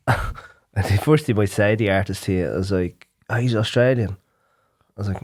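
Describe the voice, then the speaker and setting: A man's voice: on the low side, unhurried, pauses often. A man, a musician guest telling gig stories in casual chat, laughing often. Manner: laughs often, storytelling with acted quotes.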